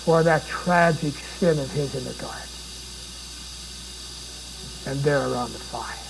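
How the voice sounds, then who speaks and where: A man's voice: medium pitch, a little slow, creaky, background noise. A man preaching a sermon, dramatic and pleading, with repeated rhetorical questions.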